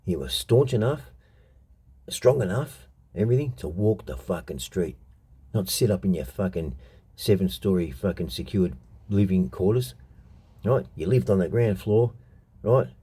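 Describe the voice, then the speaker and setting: A man's voice: low voice, animated, unhurried, dark tone, slightly rough. A middle-aged Australian man in a blunt, profane, heated monologue, telling stories from his past as a show host. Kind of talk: unscripted monologue.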